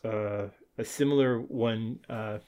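A man's voice: on the low side, steady tone, unhurried, darkish tone, muffled recording. A man co-hosting a casual film podcast, rambling and restarting his sentences, with a chuckle now and then. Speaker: podcast co-host.

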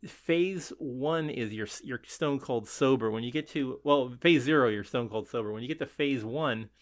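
A man's voice: medium pitch, normal speed. A man co-hosting a podcast in casual chat, talking in a hesitant way with many fillers and repeats and frequent laughs. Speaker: podcast co-host.

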